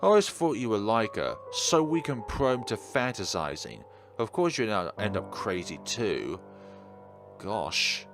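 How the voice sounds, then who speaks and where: A man's voice: on the low side, expressive, measured pace, music in the background. A man voicing a cold, contemptuous mother in a horror game. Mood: scornful. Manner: contemptuous, sharp.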